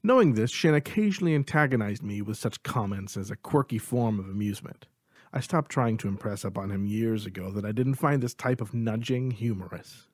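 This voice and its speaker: A man reading a first-person audiobook in a steady, even storytelling delivery. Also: on the low side, fairly quick, no echo, clean studio sound. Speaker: audiobook narrator.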